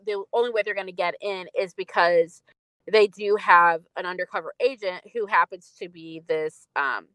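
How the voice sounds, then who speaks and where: A woman's voice: medium pitch, fairly bright tone, dry recording, poor audio. Chatty woman recapping a film. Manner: chatty, many fillers and laughs. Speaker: podcast co-host. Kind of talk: casual chat about a film.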